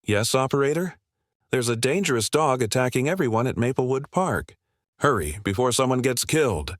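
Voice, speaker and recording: A man voicing a shrill, indignant, entitled middle-aged woman in a narrated story. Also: animated, moderate pace, no room sound, clean studio sound, close to an everyday voice. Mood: shrill outrage. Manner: shrieking, indignant.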